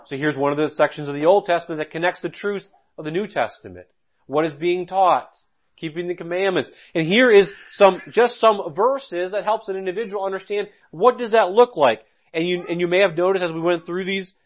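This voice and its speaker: Man preaching, slightly high, muffled sound. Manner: reads scripture slowly, then explains in a conversational teaching tone with restarts. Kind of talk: sermon with scripture reading.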